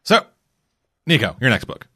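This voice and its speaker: A man's voice: medium pitch, very animated, normal speed, sharp tone, breathy edge, no echo, studio quality. A man co-hosting a podcast in casual chat, loose and rambling, peppered with swearing and fillers. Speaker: podcast co-host.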